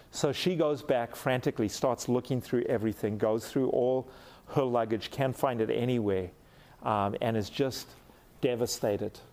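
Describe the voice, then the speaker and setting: A man's voice: mid-range voice, a little mellow. A middle-aged man from Africa giving a sermon, telling a personal story with animation and acting out the quoted lines. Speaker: pastor.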